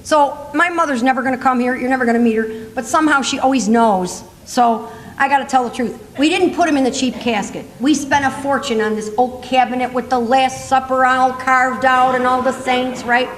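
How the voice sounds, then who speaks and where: A high-voiced woman in her sixties tells a comic family story to a live audience. She is animated and self-mocking, laughing as she goes. Her voice rings through a large hall with long reverb and faint ambience behind it. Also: a little fast, a little hiss or hum. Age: 60s. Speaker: comedic storyteller. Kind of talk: stand-up storytelling. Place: conference hall stage.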